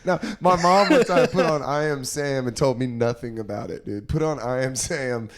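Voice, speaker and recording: A man's voice: mid-range voice, moderate pace. Laughing young man chatting crudely. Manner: laughs often, crude and animated. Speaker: podcast co-host. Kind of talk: casual chat. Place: living room.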